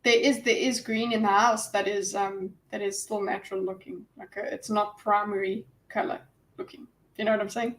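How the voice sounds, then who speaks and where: A woman hosting a casual online film discussion over a video call, animated and acting out quoted lines. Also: mid-range voice, normal speed. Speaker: discussion host.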